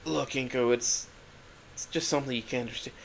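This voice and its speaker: A man's voice: medium pitch, steady tone, brisk, vocal fry, slight background noise, lightly acted. A man voicing a cold, scornful young woman with claws, in a contemptuous, dismissive tone in an audio story.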